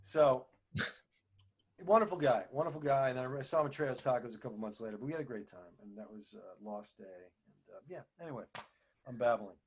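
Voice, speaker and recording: Husky guy rambling through a story in an interview, lots of you know and restarts. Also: medium pitch, brisk. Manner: rambling, animated, with many restarts and fillers. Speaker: actor and singer, guest.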